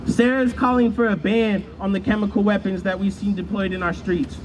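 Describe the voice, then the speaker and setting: A man's voice: high-pitched, level tone, fairly quick. A man giving a fiery, rhetorical speech at an outdoor street protest. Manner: fiery, rhetorical, chants with crowd. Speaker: protest speaker. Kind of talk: impassioned rally speech. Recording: loud crowd and street noise.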